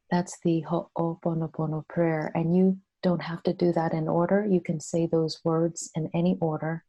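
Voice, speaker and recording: A woman, an interview guest, gently talking through soothing self-compassion affirmations. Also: fairly low pitch, level tone, poor audio. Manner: soft, slow, soothing affirmations.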